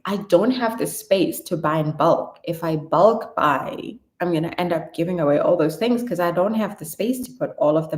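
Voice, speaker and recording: A chatty woman vlogger answering viewer questions in a casual Q&A. Her voice sits a little low and sounds through an echoey room. She is animated, laughs easily and sometimes trails off. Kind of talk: casual Q&A vlog chat.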